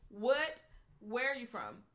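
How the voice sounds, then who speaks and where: Blunt, bright-voiced woman co-host. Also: fairly high pitch, very animated, slow. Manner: blunt, profane, indignant commentary. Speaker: podcast co-host. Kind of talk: casual chat reviewing a movie.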